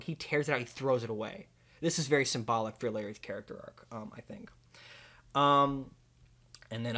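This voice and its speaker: A young man hosts a comedy video, pitching a ridiculous film idea in a meandering, deadpan style packed with filler words.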